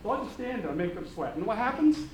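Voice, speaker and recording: A man speaking on a panel discussion, animated and engaging the audience with humor and questions. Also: high-pitched, quick pace, background noise. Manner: animated, audience-engaging, uses put-on voices for quoted people. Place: conference hall.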